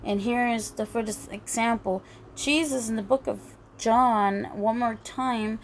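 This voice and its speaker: A woman preaching a sermon in an earnest, halting way, often restarting her phrases. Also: fairly high pitch, slight background noise. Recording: faint music behind.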